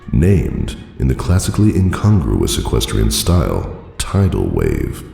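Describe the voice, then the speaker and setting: A man narrating a fan audiobook in a dry, formal storytelling manner with a gravelly voice. His voice carries a roomy reverb. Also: very deep voice, warm tone.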